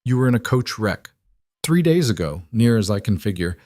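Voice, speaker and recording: A man's voice: on the low side, very animated, normal speed, a little mellow, slight background noise. A man narrating a story, voicing a solitary mountain man who keeps his speech level and terse. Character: gruff, solitary middle-aged mountain man.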